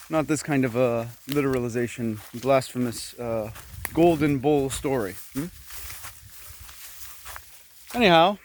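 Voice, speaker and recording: A man from Korea vlogging as he clears his fruit garden outdoors, musing in rambling asides and talking while chewing. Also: mid-range voice, takes it slowly, pauses often, a little hiss or hum. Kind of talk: casual walk-and-talk vlog. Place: outdoors in an overgrown tropical garden.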